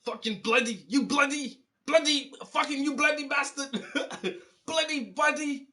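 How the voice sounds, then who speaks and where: A man putting on the voice of a furious man cursing in a road-rage argument, sputtering the same swear words over and over in a shrill voice. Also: unhurried, bright, forceful tone, full character voice.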